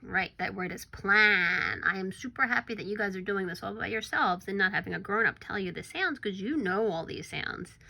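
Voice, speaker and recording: A woman teaching a recorded phonics lesson to young children, slow and encouraging, sometimes dropping to a whisper for suspense. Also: mid-range voice, animated, creaky, bright, forceful tone.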